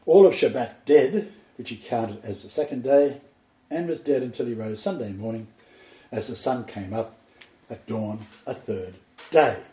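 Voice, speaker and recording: A man giving an earnest, emphatic Bible teaching, telling a story and building to excited points. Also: medium pitch, measured pace. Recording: roomy, far from the mic, dull lo-fi.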